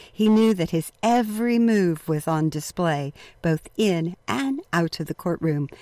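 A woman with a somewhat low voice reads an audiobook in a measured, steady way. Her narration is even and unhurried. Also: no room sound, poor audio. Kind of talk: scripted narration.

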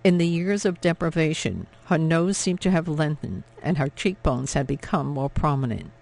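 Gravelly male audiobook narrator. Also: fairly high pitch, fairly even intonation, a little mellow. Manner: measured, dramatic reading. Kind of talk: scripted narration.

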